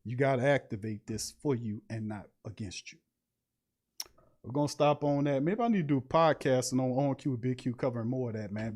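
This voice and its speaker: A man hosting a podcast, talking in a casual, slangy livestream monologue. He preaches with emphasis, jumping sharply up in pitch to stress a point, from an otherwise mid-range voice. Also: a little mellow. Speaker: podcast host.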